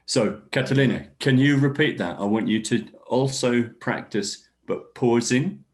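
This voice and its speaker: A man teaching an online English workshop, encouraging learners and modeling sentences with clear stress. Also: medium pitch, measured pace. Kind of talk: online class instruction.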